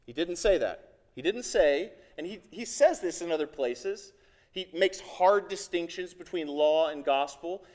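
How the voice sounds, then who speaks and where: A man preaching from the pulpit, his voice sitting higher than most men's. He is earnest and emphatic and leans on repeated phrases to drive each point home. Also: animated, measured pace, darkish tone. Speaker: pastor. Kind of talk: sermon.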